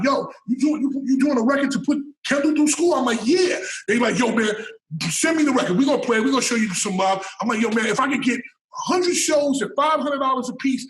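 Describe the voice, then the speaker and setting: A man telling a story as an interview guest, loud and profane, breaking into shouted hype calls. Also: very high voice, reverberant, rough recording. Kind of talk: animated storytelling.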